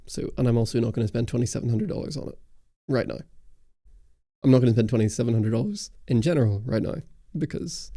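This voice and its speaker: A young camera channel host from Ireland and Britain reads chat during a livestream Q&A, talking casually and rambling with many ums and restarts. His voice is medium-pitched, creaky, and mellow. The studio dynamic mic yields clean studio sound with no echo.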